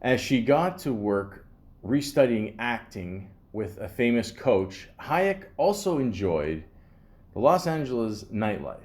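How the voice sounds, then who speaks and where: A man's voice: medium pitch, a little mellow. A man hosting a podcast, reading a script with sarcastic, joking asides. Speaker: podcast host.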